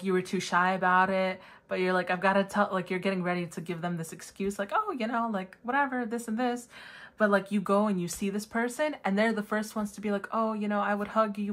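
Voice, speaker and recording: Chatty woman giving a tarot reading. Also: a little fast. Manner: chatty, bursts into high excited squeals. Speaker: tarot reader. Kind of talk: casual pick-a-card tarot reading.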